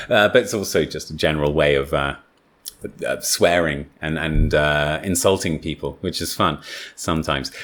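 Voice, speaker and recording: Guy teaching english pronunciation, kinda low voice, rambly and casual, lots of ums. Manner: chatty, loose, with many fillers and restarts. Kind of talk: casual spoken lesson.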